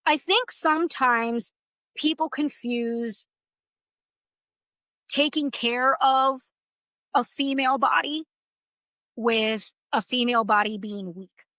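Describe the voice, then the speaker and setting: A woman co-hosting a book podcast in casual chat, an animated storyteller who swears freely. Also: a little high, slow pace, pauses often, dry recording, low-quality recording. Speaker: podcast co-host.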